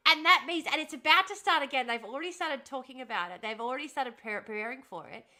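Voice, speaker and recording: A woman's voice: sits high, quick pace, sharp tone. A woman hosting a casual livestream, chatting with her viewers and answering them with frequent laughs and sarcastic asides. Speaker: livestream host reading chat.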